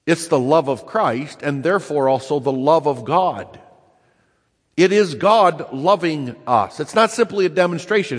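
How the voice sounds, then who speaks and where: A man preaching a sermon, emphatic, repeating key phrases and slowing down to stress them. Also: mid-range voice. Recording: long reverb in a large hall.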